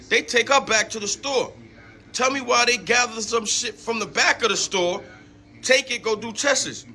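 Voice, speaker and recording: High, bright-voiced man telling a story. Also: moderate pace, soft background music. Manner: animated, acts out quoted people. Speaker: podcast co-host. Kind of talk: casual storytelling, heavy swearing.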